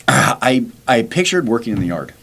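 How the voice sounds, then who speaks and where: A man's voice: medium pitch, a little slow, vocal fry, slightly rough. A man hosting a podcast, telling a story in casual chat and acting out what people said. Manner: animated, acts out quoted dialogue. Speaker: podcast host.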